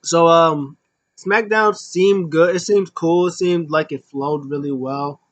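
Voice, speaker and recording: Man, casual wrestling recap, rambling, lots of fillers, somewhat high voice, dry close sound. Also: takes it slowly, dry recording, highs cut off. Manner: rambling, filler-heavy, animated.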